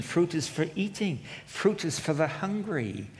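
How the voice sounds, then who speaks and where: A man with a somewhat high voice preaches a sermon. He swings from booming declarations to hushed, intimate asides. His voice rings out with the long reverb of a large church hall. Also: very animated, measured pace, slight background noise. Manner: dynamic preaching, swinging from loud proclamation to quiet asides. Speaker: pastor.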